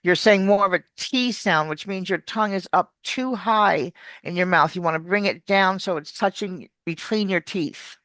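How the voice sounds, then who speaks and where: A woman's voice: fairly low pitch, normal speed, hardly any pauses, fairly bright tone, dry recording. A woman, a coach explaining pronunciation in a chatty, restarting way during an interview. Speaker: accent coach. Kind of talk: casual video-call interview.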